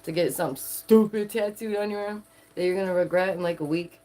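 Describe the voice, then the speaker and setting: A woman vlogger riffs through casual commentary. She is sarcastic and animated and laughs a lot. Her voice sits a little low. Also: fairly quick.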